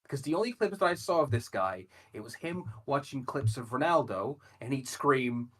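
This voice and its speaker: A man co-hosting a podcast, ranting in sweary, animated casual chat. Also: medium pitch, moderate pace, few pauses. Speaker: podcast co-host.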